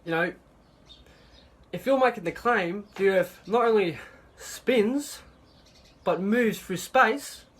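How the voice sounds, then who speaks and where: High-pitched man, halting and assertive, talking to camera. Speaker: flat earth video maker. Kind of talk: monologue clip.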